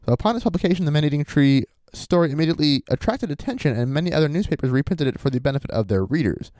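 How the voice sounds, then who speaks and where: A man's voice: on the high side, animated, very fast, a little mellow, no room sound, clean studio sound. A man co-hosting a podcast, telling a story in casual chat, reading quotes aloud and adding wry, sarcastic asides. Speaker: podcast co-host.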